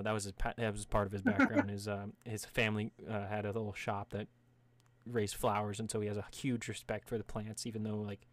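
Rambling, profane young-sounding man. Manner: profane, rambling, breaks into high squealing voices for jokes. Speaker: player inventing a character. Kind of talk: casual tabletop chat.

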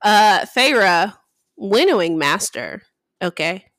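A woman co-hosting a book podcast, retelling a plot in casual chat with lively acted-out quotes. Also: medium pitch, slow pace, no room sound, clean studio sound. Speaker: podcast co-host.

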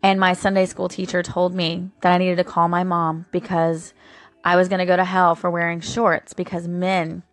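On her daily devotional show, a woman talks about her faith in a relaxed, openly emotional way, with plenty of fillers. She has a fairly low voice with little pitch movement and a moderate pace. The recording has no room sound.

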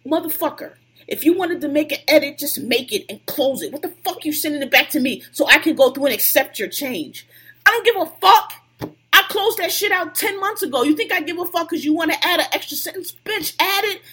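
A woman's voice: high-pitched, a bit bright. A woman on a podcast venting at length in a heated, profane, casual rant.

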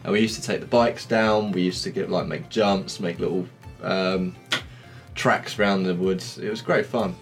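Low-voiced English man telling stories. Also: moderate pace, faint music behind. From England. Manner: relaxed storytelling. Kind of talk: casual chat. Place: shed studio.

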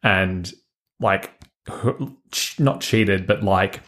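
A man's voice: low voice, extremely slow, a bit bright. A man co-hosting a podcast, casually retelling stories with many "um" and "like" fillers. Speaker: podcast co-host. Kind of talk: casual chat, storytelling.

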